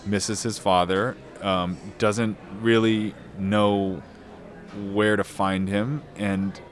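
A man being interviewed about his novel, answering thoughtfully with lots of pauses, restarts and fillers. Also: lowish voice, level tone. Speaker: novelist guest.

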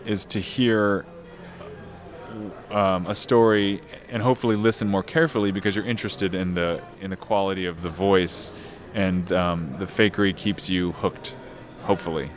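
Halting, thoughtful man with a low voice. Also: fairly even intonation. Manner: thoughtful, halting, many restarts and fillers. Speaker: novelist guest. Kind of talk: casual interview answers.

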